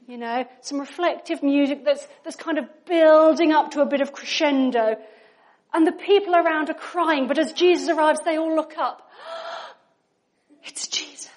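A woman's voice: high voice, normal speed. A woman preaching a sermon in a chatty, conversational way, often asking her listeners questions.

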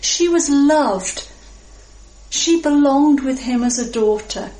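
A woman preaching a sermon in a reflective, measured way with pauses. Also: high voice, mellow. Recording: echoey room.

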